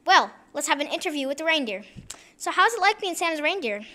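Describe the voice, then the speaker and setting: Bright excited woman hosting a toy show. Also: sits high, quick pace. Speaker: host of a toy video show. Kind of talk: playful toy show presenting.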